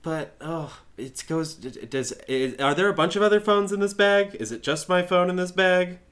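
A young man playing a tabletop game, speaking playfully and in character with a deadpan edge. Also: high voice, normal speed, clear, resonant tone.

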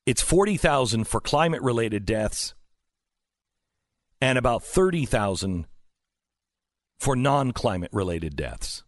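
A man's voice: medium pitch, big pitch swings, a little slow, long pauses, dry recording. A male talk show host delivering an opinionated political monologue, emphatic and sarcastic, full of rhetorical questions.

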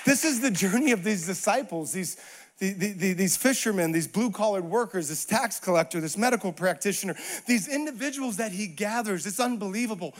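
A man preaching a sermon, telling a funny personal story and acting out the lines before building to emphatic preaching. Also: sits high.

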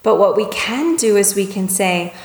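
A woman giving a conversational lesson on empathetic listening. She checks in with her listeners, often asking "right?" or "okay?", and sometimes acts out little dialogues in lively voices. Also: mid-range voice, normal speed. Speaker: communication teacher. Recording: echoey room with long reverb.

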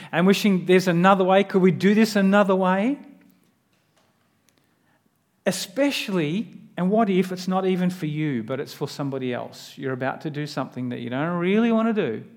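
Speaking in a noticeably high register, a man preaches in an earnest, everyday manner instead of a lofty one. Direct questions to the listener recur throughout his sermon.

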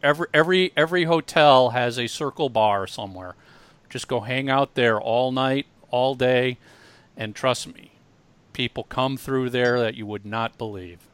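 A man's voice: medium pitch, normal speed, a bit bright, clean tone, no room sound. A man co-hosting an interview who gives casual, emphatic advice and often repeats his words.

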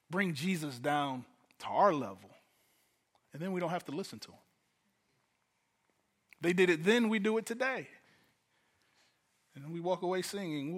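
Guest pastor from Detroit, man, bright and slightly high, chatty sermon delivery. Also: expressive, normal speed, pauses often. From Detroit, USA. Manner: conversational, repeats words when starting a thought.

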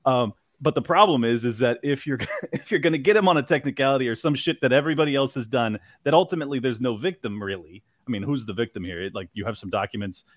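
A man hosting a podcast, talking in loose, animated casual chat, swearing and laughing often. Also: mid-range voice, quick pace, few pauses, dry recording, clean studio sound. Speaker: podcast host.

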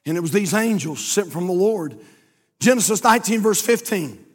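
Here the same kind of folksy sermon story comes from a male pastor whose expressive, slightly rough voice sits high at a moderate pace. Repeated phrases build his emphasis, with long hall reverb filling the church sanctuary.

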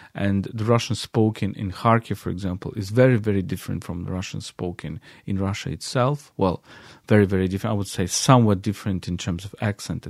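A man recounting a field visit in a halting way, with many fillers and restarts. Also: on the low side, vocal fry, no room sound, studio quality. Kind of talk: halting spoken account.

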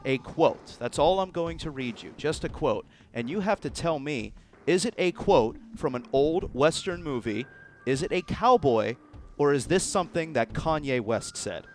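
A man's voice: fairly high pitch, expressive, a little hiss or hum. Playful man hosting a podcast quiz. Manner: playful, teasing quizmaster, drawn-out announcements. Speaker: podcast host running a quiz game. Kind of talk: casual podcast chat. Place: indoors, on location in Texas.

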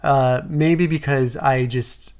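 A woman's voice: very deep voice, fairly even intonation, takes it slowly, darkish tone. A woman co-reviewing a movie on a podcast, dropping dry comments and laughing often in casual chat. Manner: dry interjections, frequent laughter.

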